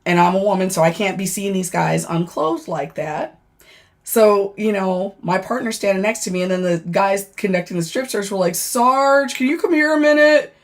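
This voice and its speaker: A woman, a former corrections officer, casually telling a story on a livestream, animated and profane, with lots of fillers. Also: medium pitch, moderate pace. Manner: animated, profane, laughing and dramatizing; chatty with many fillers.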